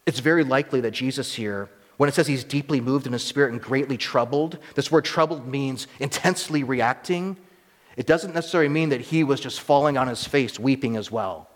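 A man's voice: medium pitch, brisk. Man preaching in a reverberant hall. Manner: teaching, rising to emphatic peaks and dropping to quiet asides. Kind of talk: expository sermon.

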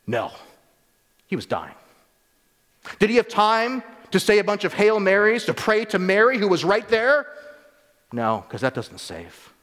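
A man preaches to his congregation with a fairly high voice that climbs hard on rhetorical questions. His delivery is earnest and emphatic. The sound carries a long church-hall reverb. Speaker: pastor. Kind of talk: sermon.

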